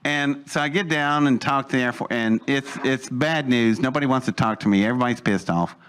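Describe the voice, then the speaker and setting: Older male storyteller, mid-pitched voice, lively and chuckling, voice jumps up with excitement. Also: a little fast, a little hiss or hum. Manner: animated, laughs mid-sentence, jumps higher when excited. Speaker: eyewitness storyteller. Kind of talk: first-person storytelling.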